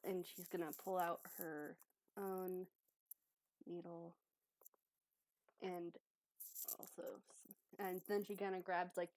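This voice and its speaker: A woman's voice: on the low side, darkish tone, no echo. A woman in casual tabletop role-play, chatty and full of fillers. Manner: chatty, many fillers and restarts. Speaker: tabletop player.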